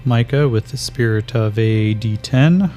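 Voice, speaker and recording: A man narrating a solo tabletop game as game master, calling out dice rolls in a measured way. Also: medium pitch, mellow, faint music behind.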